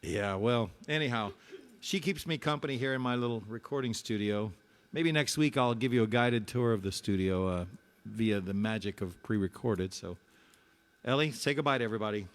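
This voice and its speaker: A man hosting a relaxed music show from his small home studio, chatting and telling jokes between songs. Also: lowish voice, moderate pace. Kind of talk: casual live-stream chat and song.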